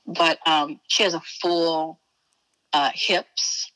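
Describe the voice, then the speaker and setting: Woman from chicago, spiritual teacher guest, emphatic folksy talk, lowish voice, forceful tone. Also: steady tone, extremely slow, low-quality recording. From Chicago, USA. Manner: emphatic, folksy, calls listener baby and honey. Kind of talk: casual interview chat.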